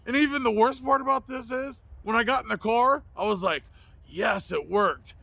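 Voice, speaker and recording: A man's voice: very high voice, fairly quick, vocal fry, pushed and bright, no echo. A man who works as a mobile mechanic, telling a confessional story in a blunt, profane, self-mocking way. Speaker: mobile mechanic and video host.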